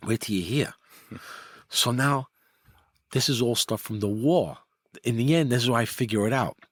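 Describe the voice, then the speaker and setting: A husky middle-aged man tells his story in a loose, animated way. His pitch jumps when he acts out what others said. The sound is dry and close. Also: moderate pace, dry recording. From New York. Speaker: guest, former mob enforcer. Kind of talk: casual storytelling.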